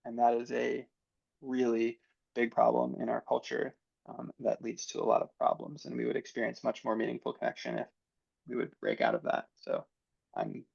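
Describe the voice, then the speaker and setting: A man's voice: mid-range voice, expressive, moderate pace, gravelly, a little mellow, slightly rough, no echo. A man talking as a podcast guest, explaining his views in a reflective way with many fillers. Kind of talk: casual conversation. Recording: dull, dry sound.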